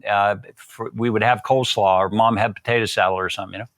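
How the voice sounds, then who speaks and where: A man's voice: lowish voice, fairly even intonation, quick pace, a bit bright, no echo, clean studio sound. An older man, a guest on a podcast, telling a long personal story in a folksy way and acting out what people said. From Southern United States. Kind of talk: storytelling interview.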